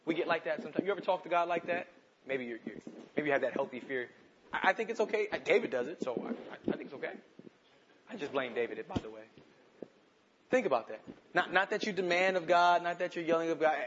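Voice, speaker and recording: A man preaching a sermon, moving between urgent, passionate pleas and quiet, reflective asides. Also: on the high side, fast, husky, dull audio. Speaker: pastor.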